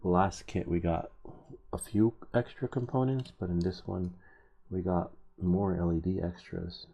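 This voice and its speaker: Gravelly low-voiced man chatting while soldering. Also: steady tone, measured pace, mellow. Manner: rambling, chuckling storyteller. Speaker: host of a soldering livestream. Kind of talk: casual chat while soldering.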